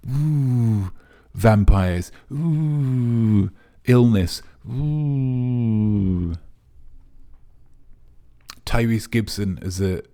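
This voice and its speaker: A man's voice: low-pitched, warm tone. A man hosting a comic live quiz in a pompous, rambling, mock-serious manner. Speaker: quiz host.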